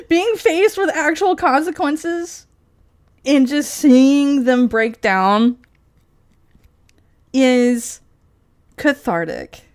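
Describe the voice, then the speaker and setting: A woman's voice: high voice, animated, drawn-out words, long pauses. A woman streamer in casual live-stream commentary, rambling and profane, laughing often as she talks.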